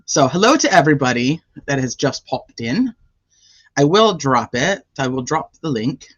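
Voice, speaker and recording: A man's voice: fairly high pitch, big pitch swings, normal speed, fairly bright tone, dry recording, dull audio. A man hosting a casual livestream and chatting with viewers, with a sore throat. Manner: chatty, greets viewers by name. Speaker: livestream host.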